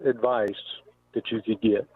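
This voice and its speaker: A man's voice: medium pitch, level tone, measured pace, slightly rough, dry recording. Blunt male caller in his sixties, phone line. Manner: blunt, firm. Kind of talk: phone-in chat. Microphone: telephone.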